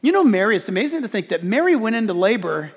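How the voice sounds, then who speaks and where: A male pastor preaching a lively sermon in church, joking and acting out quotes as he goes. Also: high voice, fast, slightly rough, long reverb tail. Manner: animated preaching with jokes and acted-out quotes.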